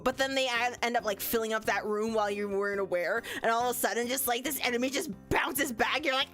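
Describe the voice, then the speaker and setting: A woman's voice: fairly quick, hardly any pauses, faint music behind. A woman streaming a visual novel, reading aloud and chatting playfully with lots of giggles. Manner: giggly, playful, jumps high when excited.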